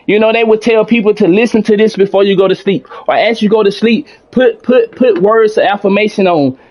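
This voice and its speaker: Guy with a really high voice talking to his stream chat, preachy motivational rambling, aave. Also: darkish tone. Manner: preachy, motivational, repeats himself, reads out chat. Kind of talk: casual livestream chat.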